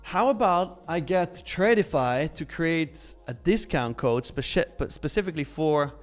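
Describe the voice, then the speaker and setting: A man's voice: a little high, lively intonation, unhurried, soft background music. A young man hosting a live trading stream, chatting casually and upbeat as he reads viewer comments, laughing often and using slang.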